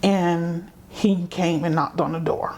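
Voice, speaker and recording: Middle-aged woman from South Carolina, lower-pitched, telling her story in a vivid, conversational way, acting out remembered voices. She speaks as an interview guest recounting her own memories. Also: fairly even intonation, takes it slowly, darkish tone, a little hiss or hum.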